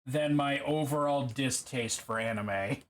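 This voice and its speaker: A man streams casually while painting a miniature, rambling and self-deprecating with halting restarts. His voice is mid-range.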